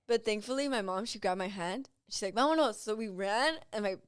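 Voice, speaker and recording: A woman's voice: mid-range voice, moderate pace, clear, resonant tone, dry recording, studio quality. A woman guest on a podcast telling a story in casual chat, rambling and filling her speech with "like". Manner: rambling, heavy use of "like".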